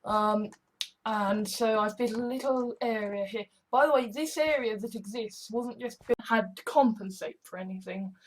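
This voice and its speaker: Man, vlogger, casual rambling talk, fillers and restarts, fairly high voice. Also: moderate pace, slight background noise. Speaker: online video creator.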